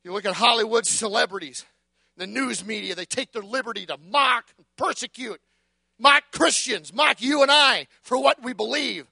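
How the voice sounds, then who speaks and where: A male preacher delivering a fiery sermon, shouting with emphasis and building long repeated litanies, often stumbling over repeated words as he starts a phrase. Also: very high-pitched, moderate pace, gravelly, no room sound.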